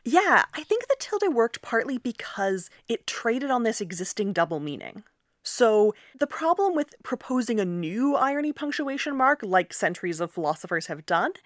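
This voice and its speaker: A young woman talks as an interviewed linguist, lively and quick to laugh. Her voice sits at a middle pitch. She is close to the mic in a dead, dry room. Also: dry recording. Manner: animated, explanatory, laughs often. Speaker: linguist and author, interview guest. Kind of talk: conversational interview.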